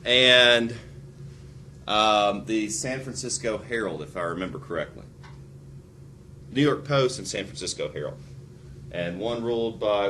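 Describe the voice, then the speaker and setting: A male teacher gives a recorded history lecture with a lively, swooping delivery. He breaks into sarcastic asides, and his voice sits at an ordinary middle pitch. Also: slight background noise.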